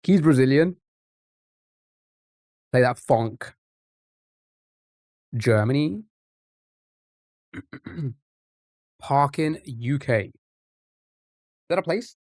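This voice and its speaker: A man of middle pitch chats his way through a live game stream, rambling and restarting his sentences as he goes. His voice sits close to the mic, dry and free of room sound. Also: animated, very slow, pauses often, no room sound. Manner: rambling, chatty, trips over words. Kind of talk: casual live-stream chat.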